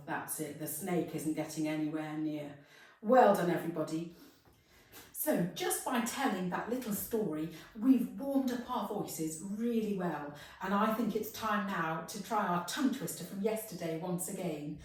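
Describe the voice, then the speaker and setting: A woman leading a children's singing warm-up, speaking in an encouraging, sing-song way and acting out animal sounds. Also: fairly low pitch, normal speed, distant mic. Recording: very echoey room, voice off-mic.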